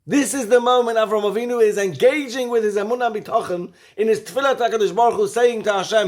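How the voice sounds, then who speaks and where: A man teaching a weekly Torah lesson, lively, asking rhetorical questions and swinging from loud to hushed. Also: sits high, fast, hardly any pauses.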